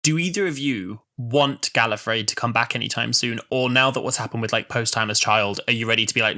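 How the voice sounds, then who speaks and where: A man's voice: mid-range voice, fast, few pauses, bright, forceful tone. A man in his twenties co-hosting a casual podcast chat, playful and jokey. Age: 20s. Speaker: podcast co-host.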